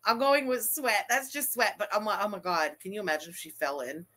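A woman hosting a live stream, reacting to a video with excited, profane outbursts and frequent laughter. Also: mid-range voice, fairly quick.

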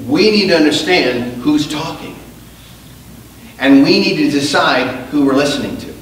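A male pastor preaches to his congregation, his slightly high voice climbing from hushed storytelling to stretched-out, emphatic lines. He keeps asking the room to answer him. The sound comes from a distance and rings through a very echoey sanctuary, with faint background noise. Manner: swings from quiet storytelling to loud, drawn-out emphasis. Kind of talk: sermon. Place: church sanctuary.

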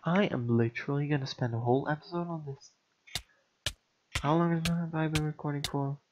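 A man's voice: on the high side, steady tone, moderate pace, lo-fi sound, noisy background. A man giving casual gameplay commentary, frustrated and sighing, mocking himself as he mutters along. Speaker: gamer.

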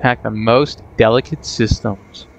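A man's voice: medium pitch, steady tone, measured pace, gravelly, highs cut off. A man casually commenting on his own gameplay, rambling and self-deprecating as he talks to himself. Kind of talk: casual let's play commentary.

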